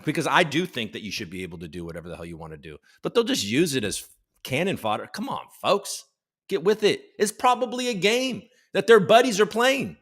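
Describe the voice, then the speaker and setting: A man's voice: on the high side, a bit bright. A man hosting a live crypto show, ranting in a profane, rambling way and mocking others in put-on voices. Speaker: livestream host.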